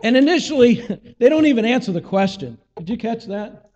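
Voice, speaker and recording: A man's voice: very high-pitched, animated, a little fast, darkish tone, long reverb tail, highs cut off. A man preaching a sermon, teaching and asking rhetorical questions, acting out the voices he quotes.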